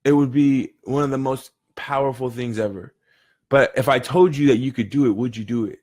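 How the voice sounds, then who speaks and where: A man leads a daily group session with a loose, rambling motivational talk. He wanders into stories, doubles back, and restarts his sentences. His voice sits at an ordinary middle pitch. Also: normal speed, a little mellow. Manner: rambling storytelling, with frequent restarts and "you know". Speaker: session leader in a year-long daily challenge.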